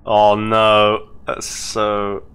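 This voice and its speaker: An English man talks slowly through a game playthrough, rambling and poking fun at himself with frequent laughs. His voice is very deep yet bright and forceful. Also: completely flat delivery, clean tone. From England. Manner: rambling, self-deprecating, laughs often. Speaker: let's play host. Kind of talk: casual gaming commentary.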